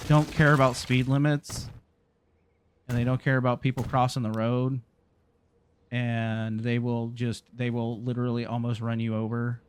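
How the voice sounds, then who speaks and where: A man's voice: medium pitch, a little hiss or hum. A man, hosting a gaming channel and telling a rambling story while he plays, full of restarts and fillers. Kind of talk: casual storytelling while playing a game.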